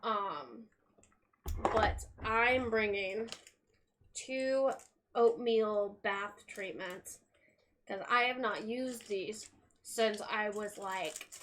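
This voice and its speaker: A woman's voice: mid-range voice, extremely slow. A young woman streamer chatting casually and rambling while packing at home, swearing offhandedly. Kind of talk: casual live-stream chat. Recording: steady background noise.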